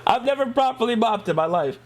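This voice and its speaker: A man's voice: very high voice, animated, fairly quick. A young man hosting a live stream, chatting casually and joking with laughs and mock outbursts. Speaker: streamer host.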